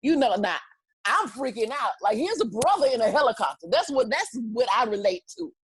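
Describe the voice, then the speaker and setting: Animated woman telling stories. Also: on the high side, fairly quick, slightly rough, no room sound. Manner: lively, acts out voices and quotes, laughs often. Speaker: interview guest, YouTube comedian. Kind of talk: animated storytelling chat.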